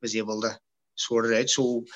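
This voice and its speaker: Speaking at a moderate pace in a fairly bright, flat mid-range voice, a young guest from Ireland, formerly an amateur boxer, spins a rowdy story in casual chat. He curses often and mimics other people's words, heard through a muffled recording.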